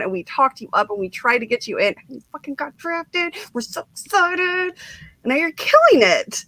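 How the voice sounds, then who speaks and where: A woman's voice: sits high, expressive, normal speed, sharp tone, no room sound. Woman, streaming host, bubbly storyteller, giggles a lot, dead-dry room. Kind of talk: casual interview chat.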